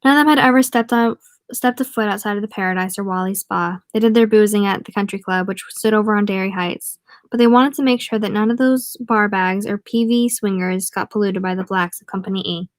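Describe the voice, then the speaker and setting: A woman's voice: mid-range voice, a little fast, dry recording. A woman reads a novel aloud in a plain, casual way, her voice in the middle of the usual range for a woman. She stops now and then to add wry remarks of her own. The sound is dry and close, with no room around it. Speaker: audiobook reader. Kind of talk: casual read-aloud with asides.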